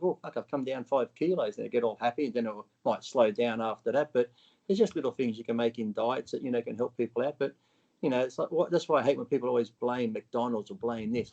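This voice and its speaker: A blunt man chats as an interview guest, swearing freely and putting on other people's lines. His voice sits at an everyday middle pitch. The recording sounds dull and lo-fi. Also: warm tone. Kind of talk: casual interview chat.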